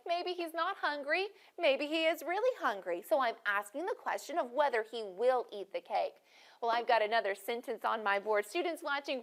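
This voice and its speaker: A woman's voice: high-pitched, a bit bright. A woman teaching a phonics lesson, encouraging students and asking them questions by name.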